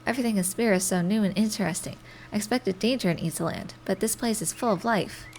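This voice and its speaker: A woman's voice: mid-range voice, fast, darkish tone, slight background noise, natural voice. A woman reading as a gracious shrimp king. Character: dignified male shrimp king.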